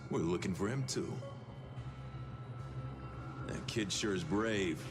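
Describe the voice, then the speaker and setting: A man's voice: deep voice, slow. An actor playing a nervous young man in a game who hesitates and stammers while covering a secret. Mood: evasive. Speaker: game character. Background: game music.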